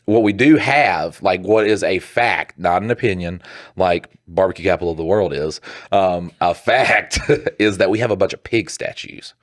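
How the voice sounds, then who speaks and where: A man's voice: sits low, normal speed, no echo, clean studio sound. A young man with a Southern US accent co-hosting a casual podcast, telling stories with swearing and laughter. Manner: animated, swearing, laughing storyteller. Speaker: podcast co-host.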